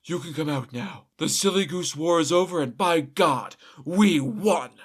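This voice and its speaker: A man's voice: on the high side, expressive, moderate pace, lightly acted. A man voicing a cunning peasant husband in a folktale, speaking with mock-dramatic solemnity. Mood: mock-triumphant. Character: scheming, wily peasant husband feigning gravity.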